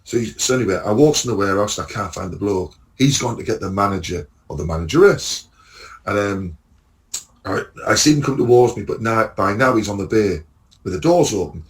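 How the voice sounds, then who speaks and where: English bloke telling a lively road story. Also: male voice, on the low side, a little fast. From England. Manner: animated storyteller, acts out quotes, swears. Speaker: podcast co-host, lorry driver. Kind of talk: casual anecdote among friends.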